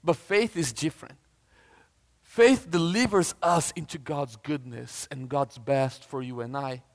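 A male preacher giving a lively sermon, retelling a story casually and acting out the voices of its people. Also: a little high, unhurried, big-room sound. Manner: animated storytelling, acts out voices, casual asides.

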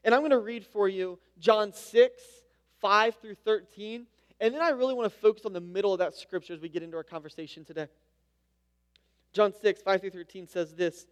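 A man preaching a sermon as pastor, reading scripture and talking in a relaxed, conversational way with casual asides. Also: high voice, brisk. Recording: long hall reverb.

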